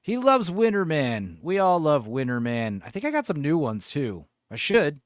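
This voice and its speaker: A man hosts a casual livestream, talking in a rambling, chuckling way with a lively, bouncing pitch. He sits close to a desk mic in a dry, dead room. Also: normal speed, dry recording. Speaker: streamer host.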